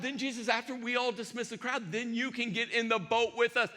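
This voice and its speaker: A male pastor preaching a sermon, telling a story with lively acted-out dialogue and sometimes dropping to a hushed intensity. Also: very high voice, a little fast, few pauses. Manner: animated storyteller acting out dialogue. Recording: long reverb of a large hall.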